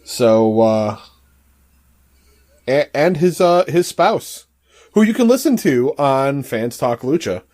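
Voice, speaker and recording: A man co-hosting a wrestling podcast in casual chat, relaxed and filling his pauses with "uh" and "um". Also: mid-range voice. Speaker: podcast co-host.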